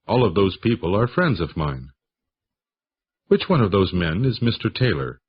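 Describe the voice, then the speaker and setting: A man slowly reading English practice sentences aloud for learners, one question and answer at a time, in a husky voice. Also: sits low, sing-song, highs cut off. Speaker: English lesson reader. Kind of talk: slow scripted sentence reading.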